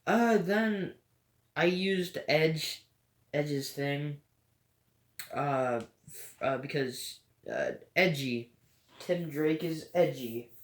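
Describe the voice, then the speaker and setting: Halting, rambling woman in an echoey room. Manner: rambling, hesitant, stutters; low-energy, halfhearted. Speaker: gaming vlogger. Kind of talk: casual gameplay commentary.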